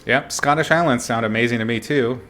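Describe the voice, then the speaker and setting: A man's voice: medium pitch, a little fast, fairly bright tone, soft background music. A middle-aged man chatting casually and laughing at himself while he paints on a live stream. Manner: chatty, self-mocking, laughs often. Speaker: artist streaming a painting session.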